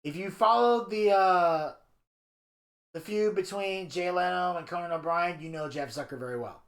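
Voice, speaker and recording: A man co-hosting a podcast, reading a narration aloud and retelling scenes in a crude, animated way. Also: sits high, normal speed. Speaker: podcast co-host. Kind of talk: casual podcast chat, reading a documentary narration. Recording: echoey room.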